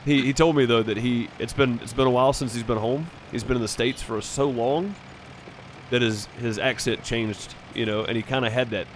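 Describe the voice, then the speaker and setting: A man's voice: mid-range voice, fairly even intonation, moderate pace, a little hiss or hum. A man telling rambling stories in casual chat while streaming a farming game. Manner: rambling, chatty, fillers and restarts. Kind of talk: casual storytelling over voice chat.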